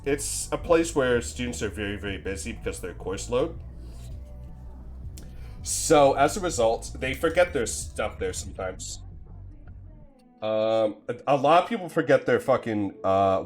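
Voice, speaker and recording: Rambling, profane young man telling stories. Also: mid-range voice. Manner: rambling, profane, self-deprecating. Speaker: streamer. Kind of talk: casual anecdote on stream.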